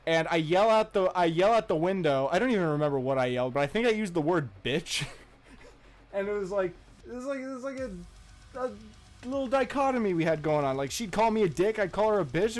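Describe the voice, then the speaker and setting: A young man co-hosting a podcast tells a story in casual chat, his voice sitting high and moving fairly quickly over soft background music. He swears freely and laughs throughout, making the retelling profane and animated.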